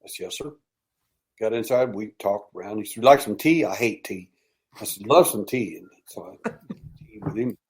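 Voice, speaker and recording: Guesting on a podcast, this American alien abduction researcher spins long stories in a casual interview and brings the quoted dialogue to life with lively acting. He has a lowish voice, keeps a moderate pace, and pauses often.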